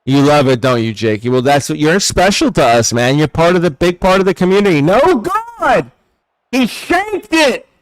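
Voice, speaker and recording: A high-pitched man with a clean, smooth voice calls plays on a live football game stream. He jumps to excited calls on big plays and sinks to soft asides while reading chat, his level shifting as he moves off the mic. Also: quick pace, few pauses. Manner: bursts into excited play calls, then drops to quiet chat asides. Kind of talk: live play-by-play commentary on a football video game. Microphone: desk mic he drifts away from.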